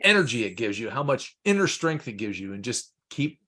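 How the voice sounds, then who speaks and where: A man's voice: mid-range voice, sing-song, a little fast, pushed and bright. A man co-hosting a support group video call beside his wife, cheerful and supportive. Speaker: co-host, the coach's husband.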